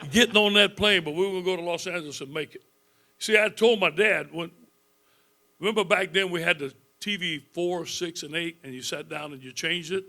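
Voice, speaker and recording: Fifties male coach at a club speech; a slightly high voice with folksy, lively storytelling broken by chuckles. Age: 50s.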